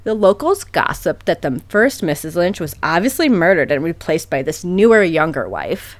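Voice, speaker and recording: A woman's voice: lowish voice, sing-song, normal speed, dry recording. A woman co-hosting a podcast, chatting casually and telling a story, laughing often and swearing freely. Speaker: podcast co-host.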